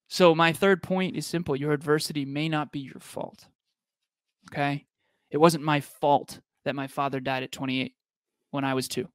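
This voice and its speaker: Male podcast host preaching motivational points, repetitive and emphatic, slightly high voice. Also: a bit bright, no echo, studio quality. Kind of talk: motivational talk on a live podcast.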